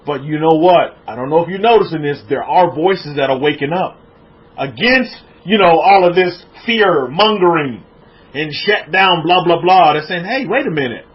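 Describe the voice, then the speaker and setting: A man's voice: fairly high pitch, normal speed, muffled recording. An American man preaching casually to a livestream audience, reading out viewers' comments and repeating his words as he builds up his points. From United States. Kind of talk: informal sermon with chat shout-outs.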